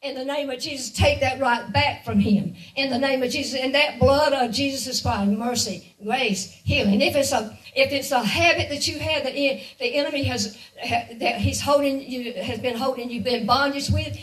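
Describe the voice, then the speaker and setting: A woman's voice: sits high, normal speed, hardly any pauses, far from the mic, low-quality recording. A woman giving a guest sermon, earnest and repetitive, often laughing lightly between her points. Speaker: guest speaker.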